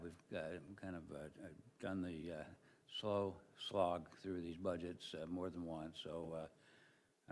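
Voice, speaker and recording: A man's voice: deep voice, slight background noise. A male commissioner making a hesitant comment at a public meeting, with many fillers. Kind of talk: meeting remarks.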